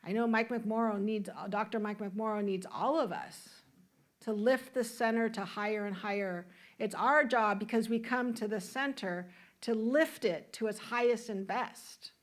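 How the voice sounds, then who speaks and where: A woman's voice: mid-range voice, unhurried. A woman minister giving a conversational sermon in a church, asking the congregation questions and laughing now and then. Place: church sanctuary.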